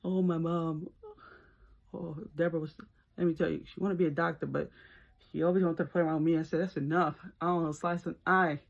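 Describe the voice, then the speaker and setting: A woman's voice: quick pace, vocal fry, lo-fi sound. A woman vlogger telling a story in a casual, chatty way while doing her makeup, laughing as she talks. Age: adult, works as a nurse. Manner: chatty and animated, laughs, slips into high-pitched screams when retelling. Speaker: beauty vlogger.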